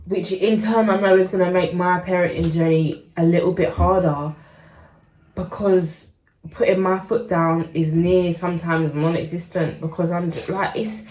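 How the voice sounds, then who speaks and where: A young woman with a fairly low voice talks in a confessional vlog. She slips between near-whispers and sudden louder, quicker stretches. A faint hiss sits under the recording. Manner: drops to a whisper often, then rises loud and quick. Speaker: vlogger.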